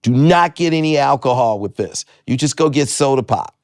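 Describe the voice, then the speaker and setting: A man's voice: mid-range voice, expressive, moderate pace, a little mellow, no echo, clean studio sound, voice pushed up, lightly acted. A man doing a quoted woman comedy club owner while telling a story, giving firm, commanding instructions. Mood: stern.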